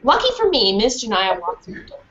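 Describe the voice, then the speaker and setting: On the high side and fairly quick, a woman children's author reads a storybook aloud in a classroom, animatedly asking the class questions. The dull lo-fi recording has slight background noise.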